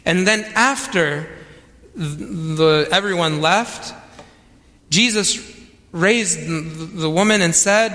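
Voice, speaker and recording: Preaching slowly in a church, a man with a high, sharp voice drives his sermon home by emphatically repeating key phrases. The recording carries the long reverb of a church hall.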